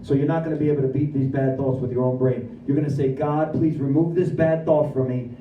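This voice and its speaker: Guy doing his sponsor, calm and steady, voice dropped low, echoey room from far off. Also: brisk, highs cut off, slight background noise, natural voice. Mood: patient. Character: calm, steady male sponsor giving advice.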